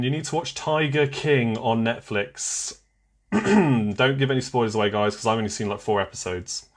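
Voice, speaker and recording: A man hosting a live online quiz, chatting, reading out scores and viewers' comments and laughing often. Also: fairly low pitch. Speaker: quiz host.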